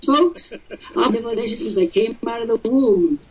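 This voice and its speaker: A man in his seventies hosting a live webinar, teasing and firing off rhetorical questions, his voice swooping high for emphasis. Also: normal speed, darkish tone, breathy edge. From Illinois, USA. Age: 70s. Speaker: host. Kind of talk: webinar talk. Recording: dull lo-fi webinar audio.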